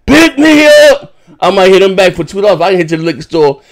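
A man with a high, steady voice chats to his subscribers on a live stream at a very fast clip. He spins profane, meandering stories packed with filler words in loose banter.

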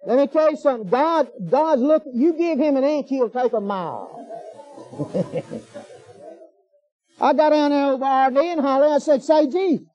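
A man's voice: extremely high pitch, normal speed, pauses often. A man preaching a sermon in a folksy, emphatic way, firing off rhetorical questions. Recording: dull lo-fi sermon recording.

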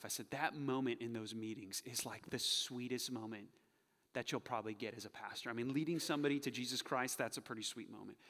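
A male pastor preaching a sermon, who acts out quoted voices with energy and then drops to soft, hushed moments. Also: medium pitch. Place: church sanctuary. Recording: long hall reverb.

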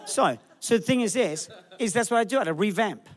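Brief: energetic male pastor, quick delivery, slightly high voice. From Australia. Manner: animated, acts out people in the crowd with funny voices. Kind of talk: sermon.

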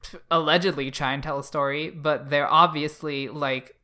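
A woman's voice: deep voice, steady tone, moderate pace, sharp tone. A young woman co-hosting a podcast, debating in a blunt, sarcastic, loose way. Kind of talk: casual debate chat.

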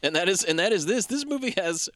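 A man's voice: sits high, expressive, quick pace, fairly bright tone, no echo. A man co-hosting a podcast, chatting about a bad movie with frequent laughs and casual swearing. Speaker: podcast co-host. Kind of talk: casual movie-review chat.

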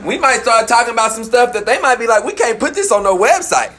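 High-voiced man joking with a crowd. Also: fast talker. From Memphis. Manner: candid, joking, lively slang. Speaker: youth speaker. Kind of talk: frank talk to a live group. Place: room with a live audience.

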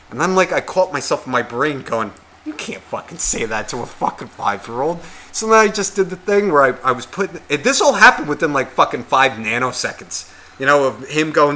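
A man's voice: on the high side, big pitch swings, a little fast, sharp tone. A man co-hosting a podcast, telling a rambling story in casual chat with constant swearing and acted-out quotes. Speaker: podcast co-host.

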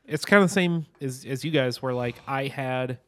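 A man in his thirties, a podcast guest, chatting in a relaxed, agreeable way. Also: medium pitch, moderate pace. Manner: relaxed, agreeable, many "yeah"s. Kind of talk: casual chat.

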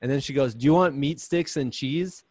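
A man's voice: mid-range voice, moderate pace, darkish tone, slightly rough, no echo. A man talking casually as a podcast guest, telling a story in a chatty way with lots of "like" and fillers.

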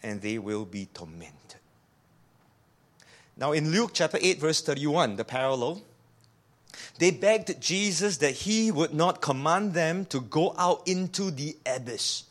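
A man with a notably high-pitched voice preaches an animated sermon. He presses his points with rhetorical questions and often repeats a word as he restarts a sentence. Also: measured pace. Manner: repeats words when restarting.

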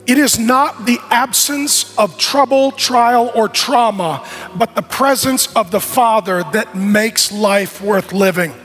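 A middle-aged male pastor preaches in a notably high voice, building repeated phrases to shouted peaks before falling soft and close. Faint music plays beneath his sermon. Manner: rises to shouts at peaks, drops soft and intimate.

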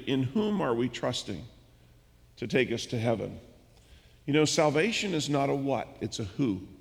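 Gravelly pastor preaching in a church hall. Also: male voice, medium pitch. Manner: storytelling preacher, acts out dialogue. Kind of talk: sermon. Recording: church hall with long reverb.

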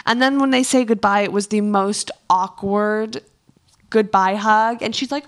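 A woman's voice: medium pitch, fairly even intonation, unhurried. A woman co-hosting a casual podcast, gossiping animatedly about a reality show and quoting the people in it. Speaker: podcast co-host. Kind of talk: casual reality TV recap chat.

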